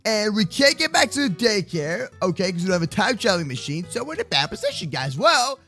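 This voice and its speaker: This is a high, very lively man's voice with a bright, sharp edge. He hosts a game roleplay loudly and hyperactively, cracking jokes and tripping into quick repeats. Faint music plays underneath. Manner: loud, hyper and jokey, with stammered repeats. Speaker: roleplay video host. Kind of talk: excited game roleplay commentary.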